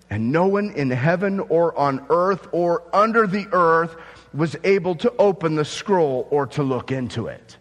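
A man's voice: a little high, animated, normal speed, long reverb tail. A man preaching a sermon to his church, reading scripture and dramatically acting out awed onlookers in rising outbursts. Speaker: pastor.

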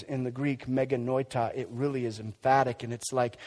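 A man preaching a sermon in an emphatic, conversational way, swinging between loud and quiet. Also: mid-range voice, flat delivery, a little fast, hardly any pauses. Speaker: pastor. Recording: long hall reverb.

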